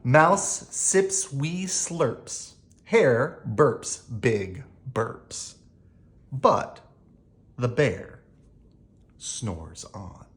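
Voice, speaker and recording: A bedtime storyteller reading a children's picture book aloud, sing-song and hushing softly on the refrains. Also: mid-range voice, very animated, extremely slow, a little hiss or hum.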